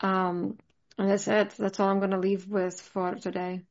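A woman in casual conversation, talking in a rambling, animated way full of "like" fillers. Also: mid-range voice, moderate pace. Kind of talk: casual chat. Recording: slightly dull lo-fi sound.

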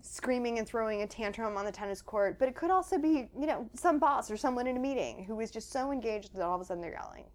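Woman guest, author, slightly high voice, animated explainer. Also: quick pace, few pauses. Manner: animated, acts out quoted children's voices. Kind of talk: conversational interview. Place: home.

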